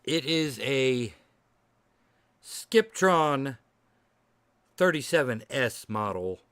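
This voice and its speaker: A man's voice: medium pitch, animated, very slow, a bit bright, clean tone, no room sound. A man narrating as game master of a tabletop game, loose and chatty, laughing often.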